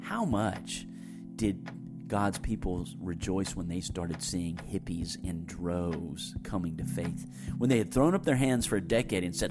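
Low-voiced pastor guy, earnest, preachy, reads verses slow, faint music under it. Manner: earnest, exhorting, reads scripture slowly. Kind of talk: pastoral talk closing in prayerful exhortation.

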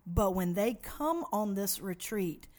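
A woman's voice: medium pitch, animated, slow, darkish tone. A woman who leads a women's ministry, talking in an upbeat, encouraging and lightly teasing way in a casual chat.

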